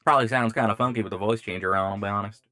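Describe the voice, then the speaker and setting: A man's voice: fairly low pitch, racing, pushed and bright, clear, resonant tone, dry recording, studio quality. A man with a Southern US accent chatting casually as a streamer, joking and rambling at his own expense. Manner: joking, rambling, self-mocking. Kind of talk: casual chat.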